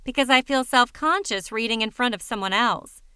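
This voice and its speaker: A woman's voice: a little high, moderate pace, pushed and bright, clean tone, dry recording. A woman voicing a wry, neurotic young woman in a dry manner in an audiobook reading.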